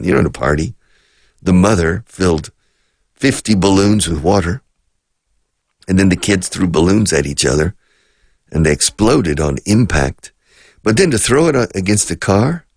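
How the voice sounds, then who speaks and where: A middle-aged man teaching an English lesson on radio, explaining words slowly and switching between English and Spanish. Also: low-pitched, creaky, darkish tone, no echo, clean studio sound.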